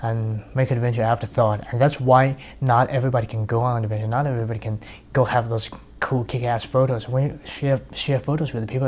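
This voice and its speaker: A man's voice: mid-range voice, steady tone, fast talker, a little mellow, slight background noise. A man giving a casual motivational monologue, talking bluntly with heavy swearing and acting out little scenes. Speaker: speaker.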